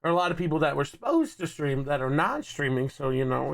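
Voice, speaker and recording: A man's voice: on the high side, expressive, fast, gravelly. A man casting a live esports tournament in a laid-back, joking way, with a Texan accent. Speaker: esports caster. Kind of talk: live game commentary.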